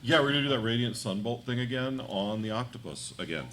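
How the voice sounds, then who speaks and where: A man's voice: medium pitch, expressive, fast talker. A man playing in a tabletop game, matter-of-fact as he counts out his rolls. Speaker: player. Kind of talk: casual tabletop play. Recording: loud background noise.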